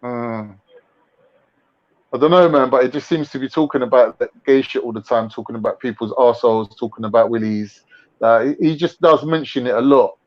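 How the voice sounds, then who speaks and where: A man's voice: mid-range voice, brisk. A young man with a London accent hosting a casual livestream chat, full of mocking slangy banter. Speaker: livestream host. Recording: lo-fi livestream audio.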